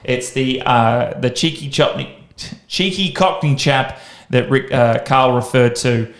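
A man hosts a casual podcast at a mid-range pitch and talks loosely, restarting his sentences as his thoughts form. His voice carries a roomy echo. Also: measured pace. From Australia. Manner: rambling, restarts sentences, enthusiastic. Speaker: podcast host.

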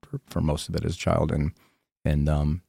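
A man, a podcast guest, candidly telling a painful personal story in a halting, emotional way, often repeating his words. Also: rumbling low, little pitch movement, creaky, warm tone, breathy edge, no room sound, studio quality.

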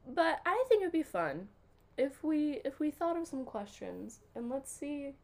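A woman's voice: high voice, big pitch swings, a little slow, darkish tone. A young woman with a stuffy nose, chatting playfully and laughing on a podcast. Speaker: podcast co-host. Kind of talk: casual chat.

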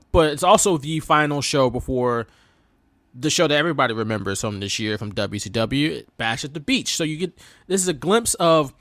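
In clean, echo-free studio sound, a man with a slightly high, somewhat bright voice hosts a wrestling podcast. He chats casually with his co-host, laughing a lot and peppering his speech with fillers.

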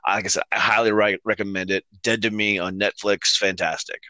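A man in his thirties co-hosting a casual chat show, telling a family story in a relaxed, rambling way with fillers and laughs. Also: on the low side, fairly quick, dry recording. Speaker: co-host.

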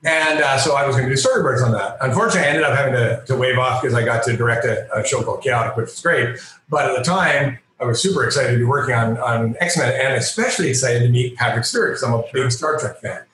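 A man, a comic book artist and guest, telling a lively, self-mocking story in a casual interview. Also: medium pitch, quick pace, very echoey, a little hiss or hum, rough recording. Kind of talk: animated anecdotal storytelling.

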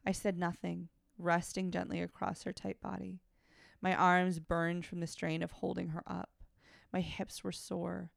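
Low, gravelly woman reading aloud. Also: flat delivery, measured pace, no echo, studio quality. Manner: breaks off from reading to make frank, wry asides. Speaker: podcast co-host. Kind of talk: reading fiction aloud with commentary.

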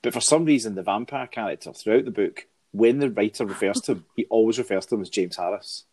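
Teasing man, chatty podcast co-host, husky edge. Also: lowish voice, fast talker, a little mellow. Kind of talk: casual chat about a book.

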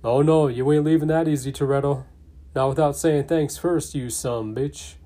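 A man reading out the lines of a brash, tough male federal agent, pushing his voice louder and higher than his own. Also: steady tone, moderate pace, close to an everyday voice.

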